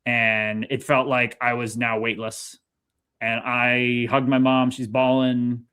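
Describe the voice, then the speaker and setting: A man in his thirties recounts his past in an easy, conversational way, with pitch sitting right in the middle for a man. He gets animated and acts out the people in his stories, with a casual swear here and there. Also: slow pace, clean tone. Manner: animated, swearing, lively retelling with quoted dialogue. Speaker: interview guest, former pro hockey player. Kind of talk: casual storytelling.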